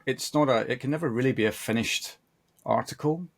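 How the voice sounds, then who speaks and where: A man from the United Kingdom talks as a podcast guest. His voice sits at a middling pitch, and he thinks aloud, often restarting his sentences. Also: gravelly. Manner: thoughtful, halting, many restarts. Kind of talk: reflective conversation.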